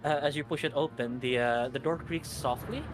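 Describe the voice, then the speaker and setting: A man's voice: mid-range voice, normal speed, noisy background. A man running a tabletop game as game master, describing scenes in a hesitant way full of fillers and restarts. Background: background music.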